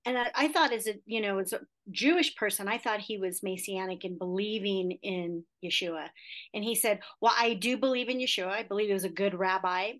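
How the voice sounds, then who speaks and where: A woman's voice: medium pitch, a little fast, a bit bright. A woman in her fifties, a guest in a casual interview, telling a story in a chatty way and acting out the quoted dialogue, with many fillers.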